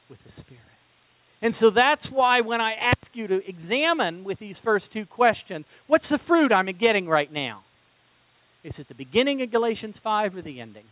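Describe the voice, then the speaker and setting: Animated preacher, high, tinny sound. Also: male voice, no room sound. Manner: animated, rhetorical questions to the congregation. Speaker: pastor. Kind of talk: sermon.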